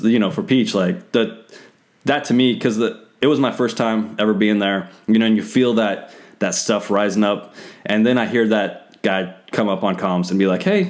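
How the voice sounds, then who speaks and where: A man co-hosting a casual podcast, telling a story in a halting way with many restarts. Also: on the low side. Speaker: podcast co-host, former instructor.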